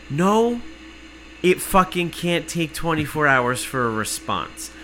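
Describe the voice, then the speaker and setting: A man telling an exasperated, profane story in casual podcast chat, cursing freely and working himself up to shouting. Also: a little high, sing-song, takes it slowly, low-quality recording.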